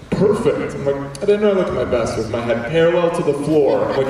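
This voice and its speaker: A young man from Puerto Rico, whose first language is Spanish, giving an animated comic story talk to a school assembly. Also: mid-range voice, brisk, hardly any pauses. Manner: animated, jokey, quotes people in voices. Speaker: guest speaker. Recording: echoey hall, distant mic, faint room noise.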